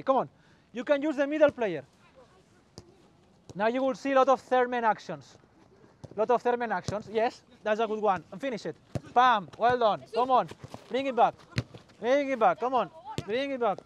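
A football coach with a high voice runs an on-field coaching demonstration, with a slight hiss or hum in the audio. He gives short commands, calls out to players and mixes in some Spanish.

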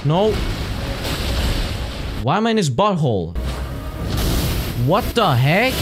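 A young man giving excitable gameplay commentary as host of his gaming channel, swearing and exclaiming often. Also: on the high side, normal speed, pauses often. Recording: clear game music underneath. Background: game music.

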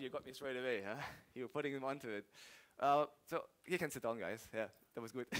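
German guy trainer chatting to a crowd, jokey, mid pitch. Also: fairly bright tone. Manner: chatty, jokey, laughs often. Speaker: fitness trainer giving a talk. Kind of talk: casual talk to an audience.

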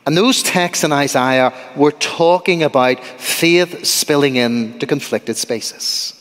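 Northern Irish preacher in a reverberant church. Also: male voice, a little high, a bit bright. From Northern Ireland. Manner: conversational and humorous, quizzing the congregation. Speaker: guest preacher. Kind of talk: sermon.

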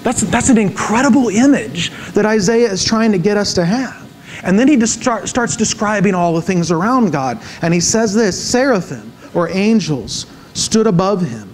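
High-voiced pastor preaching dramatically. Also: male voice, slight background noise, low-quality recording. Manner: dramatic, swings from hushed to emphatic when reading scripture; repeats words for emphasis, asks the audience "right?". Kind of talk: sermon.

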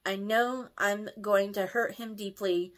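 A woman's voice: medium pitch, fairly even intonation, slow, a bit bright. A woman reading online posts and comments aloud, reacting emotionally, often stumbling and correcting her words.

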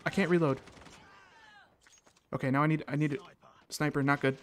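A man hosting a gaming channel, giving casual commentary on his own match with excited reactions and playful catchphrases. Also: fairly high pitch, fairly quick, pauses often.

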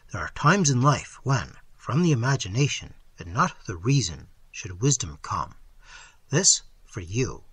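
A man reading an audiobook, voicing a mysterious all-knowing sage who speaks slowly and solemnly. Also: lowish voice, bright, forceful tone, slightly rough, no echo, heavily acted. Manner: slow, solemn, measured.

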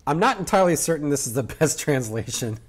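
A man's voice: on the high side, lively intonation, quick pace. A man reviewing a manga in a casual way, joking and chuckling as he goes. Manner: joking, chuckles between lines.

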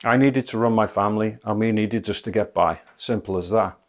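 A man's voice: fairly low pitch, fairly quick. A middle-aged man telling his own spiritual testimony in an earnest, conversational way, full of "you know" asides. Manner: earnest and conversational, many you-knows, rising to near-shouting when reliving anger. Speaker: speaker giving a spiritual testimony. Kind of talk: personal testimony storytelling.

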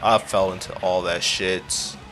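A man giving profane live commentary over his own gameplay, muttering one moment and yelling the next. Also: deep voice, flat delivery, unhurried, soft background music. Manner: profane, reactive, swinging between muttering and yelling. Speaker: gaming commentator.

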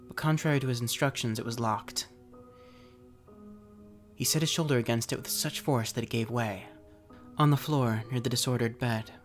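A man, the channel's storyteller, giving a measured dramatic reading of a classic ghost story. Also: mid-range voice. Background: faint music.

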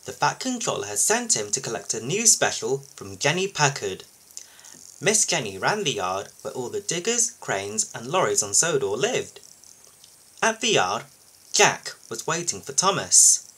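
A man reading a children's picture book aloud for his video channel, expressive and lively. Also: mid-range voice, measured pace, breathy edge, rough recording. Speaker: YouTube storybook reader.

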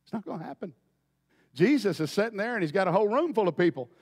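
A man preaching a folksy storytelling sermon, dropping to quiet asides and then bursting into loud shouts. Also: sits high, very animated, fast, breathy edge, in a large hall.

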